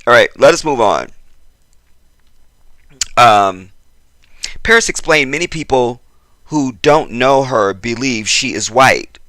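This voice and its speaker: A man's voice: mid-range voice, lively intonation, slow pace, long pauses, sharp tone, no echo. A man giving ranting celebrity gossip commentary as a vlogger, blunt, profane and sarcastic, firing pointed questions straight at the viewer.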